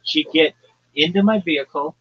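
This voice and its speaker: A man from New Jersey, hosting a livestream and ranting crudely in a loud, brash, profane comedic tone. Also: a little high, moderate pace, dull audio. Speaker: livestream host.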